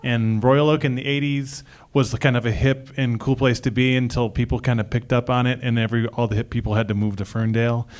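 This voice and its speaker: Man from Detroit area, storyteller, smooth resonant voice. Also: medium pitch, flat delivery, brisk, a little mellow. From Detroit area, USA. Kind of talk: personal story told on stage.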